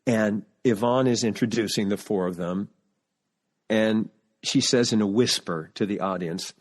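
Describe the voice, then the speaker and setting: A man as a podcast guest, telling animated family anecdotes in casual chat and often restarting sentences as he searches for words. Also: lowish voice, a little slow.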